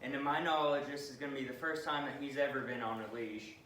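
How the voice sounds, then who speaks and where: A man's voice: medium pitch, steady tone, quick pace, a bit bright. A young man, a dog trainer, talking casually through a vlog while coaxing a puppy with repeated calls, recorded outdoors on a camera mic. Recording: echoey and distant, with noisy outdoor ambience.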